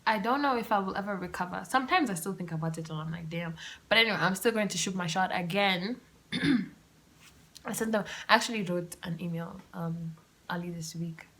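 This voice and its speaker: A young woman hosting her own podcast, telling a story in a chatty, animated, self-mocking way. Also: on the low side, brisk. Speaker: podcast host. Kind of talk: casual solo storytelling. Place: room at home with the windows open.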